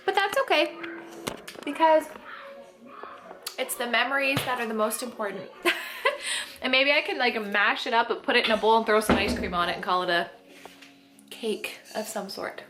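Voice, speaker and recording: A woman's voice: fairly high pitch, normal speed, pauses often, noisy background. A young woman vlogging as a stay-at-home mom, chatty and laughing often, sighing now and then. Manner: chatty, laughs often, sighs, talks to her kids. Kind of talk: casual home vlog.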